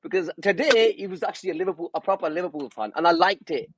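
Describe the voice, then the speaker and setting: A man's voice: high-pitched, animated, fast, fairly bright tone, no echo, low-quality recording. A man on a football fan panel, teasing and interrupting the others in casual banter. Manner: teasing, interrupting, repeats words. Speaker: panel member on a fan show.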